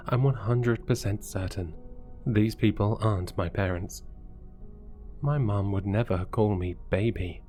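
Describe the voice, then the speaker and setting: A man narrating a first-person horror story in a deliberate, brooding way. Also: on the low side, warm tone, faint music behind.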